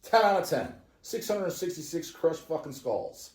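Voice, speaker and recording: A man around forty hosting a casual chat, telling stories in a profane, excitable, ranting way. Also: fairly high pitch, moderate pace. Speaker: podcast host. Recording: roomy echo.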